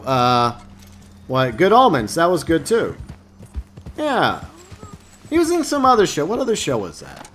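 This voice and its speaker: A man's voice: fairly high pitch, fairly bright tone, slight background noise. A man chatting casually during a live game stream, answering viewers and joking in a mock-whiny way.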